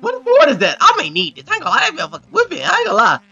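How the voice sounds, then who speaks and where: A man hosting a reaction video, with excitable, exclamatory commentary full of profane slang. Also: extremely high pitch, racing, gravelly, highs cut off, slight background noise.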